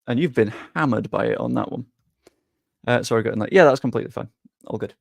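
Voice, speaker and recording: A man's voice: medium pitch, quick pace, vocal fry, no room sound, studio quality. Chatty young man streaming. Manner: chatty, jokey, self-deprecating. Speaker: streamer hosting a sweepstake draw. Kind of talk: casual live-stream chat.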